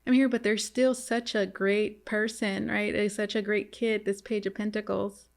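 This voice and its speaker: A woman giving a casual tarot reading to viewers, halting and repetitive, often turning to address them directly. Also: mid-range voice, flat delivery, creaky. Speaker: tarot reader.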